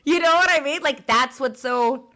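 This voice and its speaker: A woman co-hosting a podcast chats casually and ramblingly about her grandparents, with many fillers and restarts. Her voice sits high, pushed and bright, at a moderate pace.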